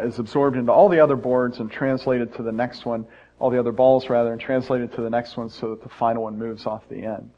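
Folksy older man preaching a sermon. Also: medium pitch. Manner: folksy, conversational, self-deprecating humor. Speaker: pastor. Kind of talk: sermon with personal stories. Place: church sanctuary. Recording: dull, muffled sound.

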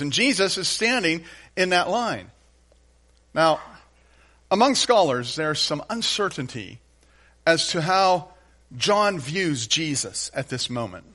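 A man preaching a sermon in a folksy, animated storytelling manner with playful asides. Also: on the high side. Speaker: pastor.

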